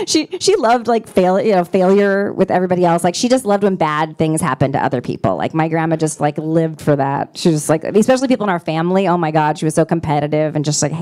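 Woman stand-up in her forties, deadpan delivery, animated voice, handheld mic in a comedy club. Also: lowish voice. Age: 40s. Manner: deadpan punchlines with frequent laughs and fillers.

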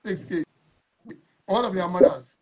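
A woman's voice: lowish voice, a little slow, a crowd in the background. A woman with a Nigerian accent hosting a live matchmaking call-in show, bluntly firing off questions at callers. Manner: blunt and bossy, fires off questions. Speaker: host.

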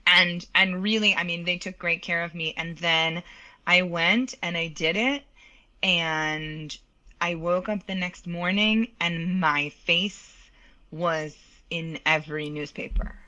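Woman opera singer in her thirties, lowish voice with a bright edge, animated interview storyteller. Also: slow pace, highs cut off. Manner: animated, laughs often, acts out quoted lines.

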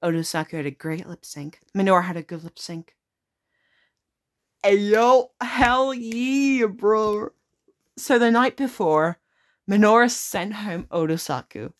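A woman's voice: mid-range voice, takes it slowly. A woman playing a simulator game, reading on-screen text aloud and reacting with frequent swearing in casual commentary. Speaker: gaming video creator. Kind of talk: casual let's-play commentary.

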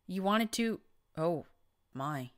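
A woman's voice: fairly low pitch, lively intonation, slow pace. A woman doing a mousy, stammering mare pony. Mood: timid, nervous. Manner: hesitant, stammering.

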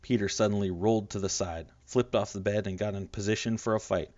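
A man with a low voice reads a novel aloud in a steady, measured way. The recording is dull and lo-fi. It sounds dry and close, with no room around him. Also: no room sound. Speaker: audiobook narrator. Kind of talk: scripted audiobook narration.

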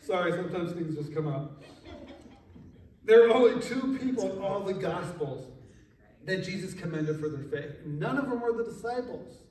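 A man's voice: sits high, lively intonation, normal speed, darkish tone. A male pastor preaching a casual, joking sermon in a conversational way. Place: church sanctuary. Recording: echoey room from a distance.

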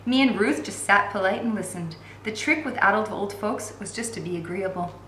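A woman reading a novel aloud with expressive storytelling and occasional commentary as a teacher. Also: mid-range voice, fairly quick, echoey room, a little hiss or hum. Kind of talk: read-aloud narration with commentary.

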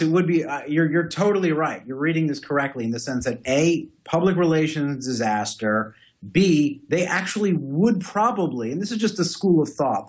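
A man co-hosting a tech news podcast, giving firm opinions and setting out his points one by one. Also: on the high side. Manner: opinionated, lays out points in order. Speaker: podcast co-host. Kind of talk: casual tech news discussion.

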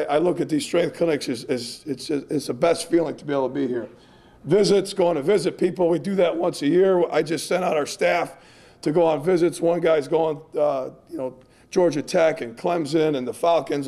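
A man's voice: on the high side, mellow. A man, a strength coach, giving a clinic presentation in an earnest, emphatic, repetitive way.

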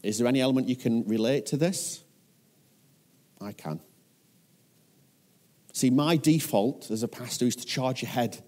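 Mellow northern English pastor preaching. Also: male voice, mid-range voice, animated, moderate pace, pauses often. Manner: earnest, questioning the listeners. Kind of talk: sermon.

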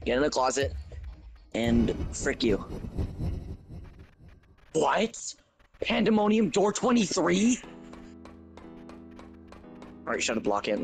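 Young man gaming, lively voice, music behind. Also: on the high side, slow pace, gravelly, long pauses. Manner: rambling, dramatic outbursts. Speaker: gamer. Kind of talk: casual gaming chat. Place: home.

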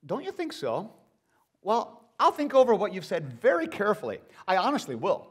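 A fretful male ghost, put on by a man reading a story aloud, talks in a fussy, apologetic way. His pitch jumps about as he hedges and stalls. He stays polite and squirms out of every answer. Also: huge pitch swings, moderate pace, husky, heavily acted. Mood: flustered evasive. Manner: flustered, dithering, polite excuses.

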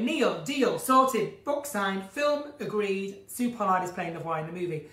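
Reading out viewer comments on her unscripted countryside live stream, the croaky-voiced host is animated, gushing and flamboyant, occasionally breaking into song. She talks at a moderate pace with few pauses in a mid-range, fairly bright voice. The phone is set back from her, so the audio sounds distant and roomy.

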